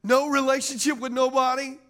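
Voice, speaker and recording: The pastor's voice is very high and a bit bright, his delivery flat and fairly quick. He preaches in call-and-response style, asking the congregation for amens and agreement.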